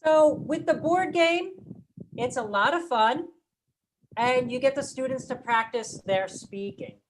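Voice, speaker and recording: A woman trainer takes teachers through classroom activities at an unhurried, deliberate pace, her voice sitting a little high. She sometimes chants short phrases to show the beat. A faint hiss of noise sits under the call audio. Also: poor audio. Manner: slow, deliberate, demonstrates rhythm by chanting. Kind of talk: teacher workshop presentation.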